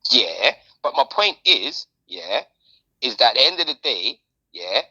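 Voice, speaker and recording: Animated, slangy podcast host. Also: mid-range voice, unhurried, lo-fi sound. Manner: animated, slangy, repeats phrases. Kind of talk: casual chat.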